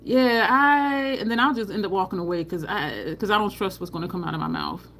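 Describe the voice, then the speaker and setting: Slight background noise accompanies this middle-aged woman's mid-range, fairly bright voice, which is animated and fairly quick. Hosting a makeup livestream, she chats casually, answers comments from the live chat, laughs a lot and plays out the figures in her anecdotes.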